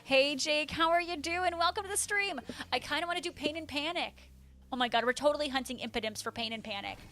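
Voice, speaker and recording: A woman's voice: high voice, a little fast, pushed and bright, faint music behind. A young woman streaming live, chatting casually and bubbly as she reads out her viewers' messages.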